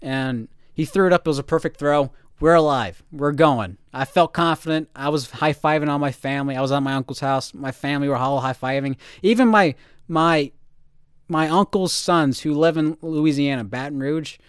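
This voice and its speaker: A man's voice: on the high side, normal speed, smooth, no room sound, clean studio sound. A man co-hosting a casual sports podcast, telling stories with animation and acting out the quotes. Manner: animated storyteller, acts out quotes. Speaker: podcast co-host.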